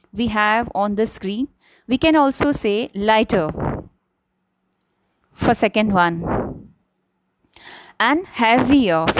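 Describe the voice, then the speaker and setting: A woman's voice: a little high, a little hiss or hum, low-quality recording. A young adult woman teaching an online class, patiently explaining and repeating key words, often checking in with "okay?". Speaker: English teacher. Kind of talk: slow, simple classroom explanation.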